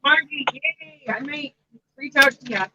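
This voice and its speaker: A woman joining a casual crafting chat, a bit hesitant and quick to laugh at herself. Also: high-pitched, pushed and bright, highs cut off, slight background noise. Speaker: guest on craft livestream.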